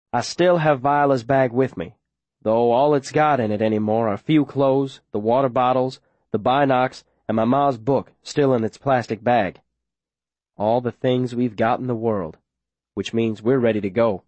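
A man narrating a story in the first person, steady and plain, with rural grammar. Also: medium pitch, normal speed, no echo. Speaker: audiobook narrator.

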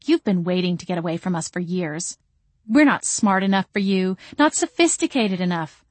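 A woman voicing a furious older sister who yells and sneers accusations in a storybook reading. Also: lowish voice, expressive, moderate pace, no echo. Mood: bitter. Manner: yelling, sneering.

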